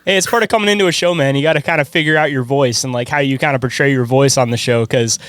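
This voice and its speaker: A man's voice: mid-range voice, fairly even intonation, fairly bright tone, dry recording. Chatty co-host guy, dry close sound. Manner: laughs often, quick and chatty. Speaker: podcast co-host. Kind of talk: casual chat.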